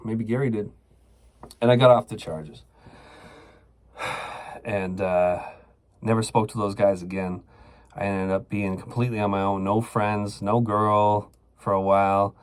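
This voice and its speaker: A man hosting a show, telling a personal story in a casual, profane, rambling way with lots of fillers. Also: fairly low pitch. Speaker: podcast host.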